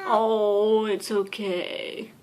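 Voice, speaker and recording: A woman's voice: medium pitch, flat delivery, drawn-out words, darkish tone, slight background noise. A woman filming at home, playfully scolding and teasing her cat in baby talk. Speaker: vlogger. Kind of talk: casual home video talking to her cat.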